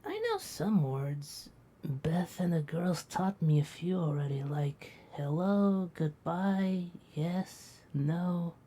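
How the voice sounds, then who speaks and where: A woman voicing a sleepy, doting young female companion who speaks softly and affectionately in an animation. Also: on the low side, very animated, slow, full character voice. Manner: soft-spoken, drowsy and affectionate.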